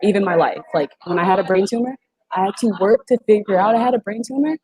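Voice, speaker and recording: A woman's voice: medium pitch, fast talker, darkish tone, husky, dry recording, poor audio. A woman in her twenties, a guest on a video call interview, talking in an emphatic, slangy, casual way. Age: 20s. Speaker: guest, former reality show contestant.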